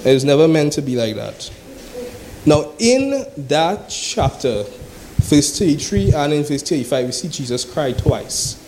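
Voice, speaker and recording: A man's voice: a little high, sing-song, unhurried, darkish tone, a little hiss or hum, low-quality recording. A man preaching a sermon. He reads scripture aloud, then explains it in a conversational way, often asking "right?".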